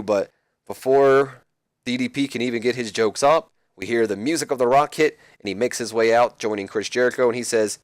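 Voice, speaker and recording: A man's voice: medium pitch, fairly quick, no room sound, studio quality. Casual man narrating a game. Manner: casual, with fillers. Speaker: game commentator. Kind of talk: let's play narration.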